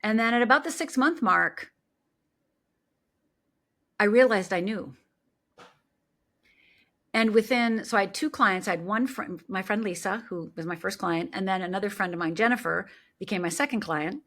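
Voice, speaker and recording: A woman's voice: medium pitch, moderate pace, long pauses, fairly bright tone. A middle-aged woman, a life coach, telling a personal story in an interview and acting out the voices she quotes.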